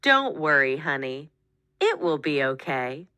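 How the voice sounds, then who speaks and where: A woman voicing a loving mother in a storybook, soft and comforting. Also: sits low, big pitch swings, measured pace, smooth, no room sound, studio quality, exaggerated voice.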